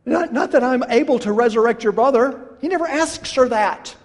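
A man preaching a sermon, emphatic and rhetorical, repeating his questions and swinging between hushed and loud passages. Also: extremely high pitch, moderate pace. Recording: long reverb of a large hall.

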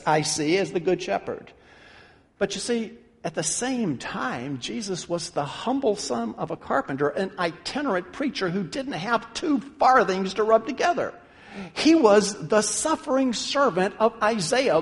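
A man's voice: high voice, big-room sound. A man preaching a sermon as a pastor, talking conversationally and lifting his voice for emphasis.

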